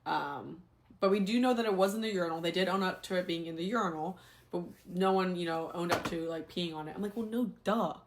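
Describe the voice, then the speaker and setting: A young adult woman, a former teacher, telling a story in a casual, animated, exasperated way. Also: on the low side, fast talker, background noise.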